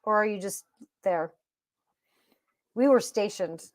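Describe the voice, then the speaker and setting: A woman's voice: mid-range voice, slow pace. A woman in her fifties co-hosting a casual live chat, rambling through stories with many restarts. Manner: warm, rambling storyteller with restarts. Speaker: co-host.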